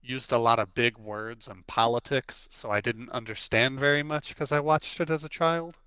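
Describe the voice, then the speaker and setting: A man's voice: mid-range voice, moderate pace, clear, resonant tone, dry recording. A young man in his twenties, casually chatting on a livestream, rambling and saying "like" constantly as he tells stories. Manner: rambling, leans on the filler "like"; animated storyteller who acts out quotes. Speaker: livestream host. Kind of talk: casual chat while streaming.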